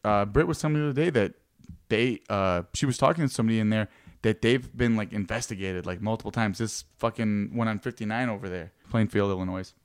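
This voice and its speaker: A man's voice: on the low side, fast, smooth. Profane rambling man. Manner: rambling storytelling, heavy swearing. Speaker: podcast co-host. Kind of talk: casual profane chat.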